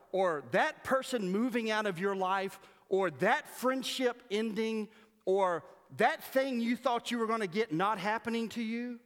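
A man preaching a sermon as pastor, animated and humorous, mimicking voices to make his points. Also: high voice. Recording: long reverb of a church hall.

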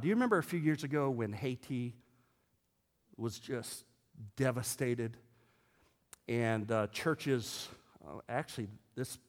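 A man preaching a sermon, moving from a relaxed, joking tone to emphatic preaching. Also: mid-range voice, in a large hall. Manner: conversational and humorous, rising to emphatic preaching. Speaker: pastor. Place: church sanctuary.

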